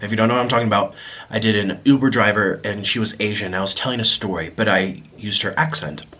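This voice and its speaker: A mukbang vlogger talks casually and apologetically between bites on camera, sometimes with his mouth full. His voice is lowish and sharp, and he talks fast. There's a slight hiss or hum in the recording.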